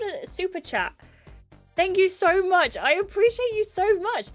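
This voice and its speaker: A woman's voice: sits high, sing-song, moderate pace, faint music behind. A woman streaming a video game live, chatting casually and gushing her thanks to chat. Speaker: gaming streamer. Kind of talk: casual livestream commentary.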